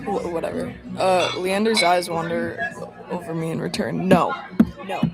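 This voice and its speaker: A woman's voice: fairly low pitch, steady tone, normal speed, vocal fry. A woman streaming a story game, reading lines aloud and breaking off into giggly, rambling, self-mocking asides. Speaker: streamer playing a visual novel. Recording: game music and crowd chatter behind.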